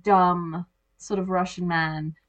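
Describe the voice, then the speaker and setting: A woman's voice: lowish voice, flat delivery, takes it slowly. A woman in casual conversation about a movie, talking animatedly and acting out her own reactions as little quoted asides.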